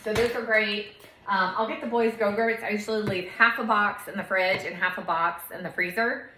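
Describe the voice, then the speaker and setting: A woman's voice: medium pitch, fairly even intonation, moderate pace, pushed and bright, echoey room, a little hiss or hum, low-quality recording. A woman in her thirties chatting casually through a shopping haul video at home, with lots of asides. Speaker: lifestyle vlogger.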